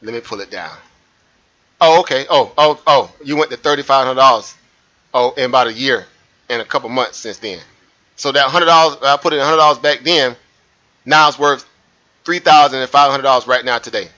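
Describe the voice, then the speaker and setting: A man hosting a live trading stream, talking viewers through a price chart in an animated way, repeating points and asking rhetorical questions. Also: medium pitch, a little fast. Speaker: trading livestream host. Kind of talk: live market commentary over a chart. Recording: muffled lo-fi stream audio.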